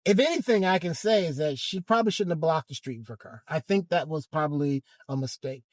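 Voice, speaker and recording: A man giving a hesitant, halting commentary monologue from inside a car, with frequent restarts. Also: on the high side, no room sound. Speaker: vlogger.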